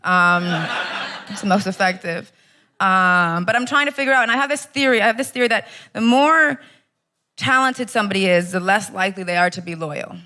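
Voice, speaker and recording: A woman's voice: mid-range voice, normal speed, sharp tone. A woman performing a brash, punchy stand-up set in a comedy club. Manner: brash, punchy delivery with lots of "okay?". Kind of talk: stand-up routine. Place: comedy club stage, live audience.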